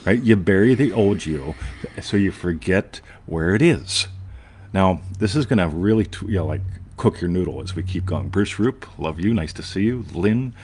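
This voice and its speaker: A man's voice: sits low, expressive, normal speed, a little mellow, a little hiss or hum. A man co-hosting a live online show, talking in a jokey, digressive way and often asking "right?". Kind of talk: casual, rambling live-stream chat.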